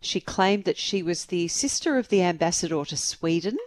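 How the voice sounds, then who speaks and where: A woman's voice: on the low side, animated, normal speed, darkish tone, dry recording. A woman co-hosting a podcast, telling a true crime story in a chatty way and laughing often. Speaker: podcast co-host. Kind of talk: casual true crime chat.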